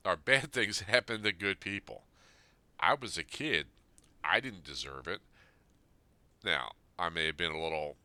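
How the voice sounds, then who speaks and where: Man in his fifties, podcast host, very low voice, smooth and resonant; earnest, plain-spoken reflection. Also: pushed and bright, no room sound. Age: 50s. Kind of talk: reading a personal letter aloud, then reflective talk.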